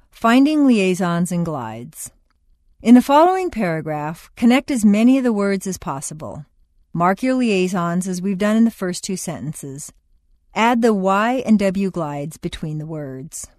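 A woman instructor reading scripted exercise instructions for an accent course in a clear, measured way. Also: medium pitch, darkish tone, no echo, clean studio sound. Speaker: pronunciation instructor.

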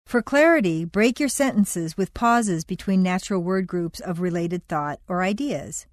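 A woman narrating a scripted audio lesson on speech, as the instructor, with clear and measured delivery. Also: lowish voice, lively intonation, dry recording. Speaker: accent training instructor.

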